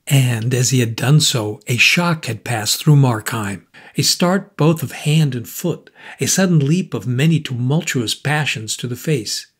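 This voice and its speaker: Husky guy reading an old story, calm and measured, mid-pitched. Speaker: audiobook narrator. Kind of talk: scripted narration.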